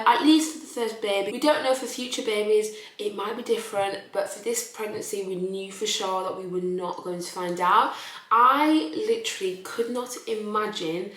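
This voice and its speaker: A woman's voice: mid-range voice, fairly bright tone, roomy sound, low-quality recording. A young woman chatting emotionally in a casual vlog, often restarting her sentences. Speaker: vlogger.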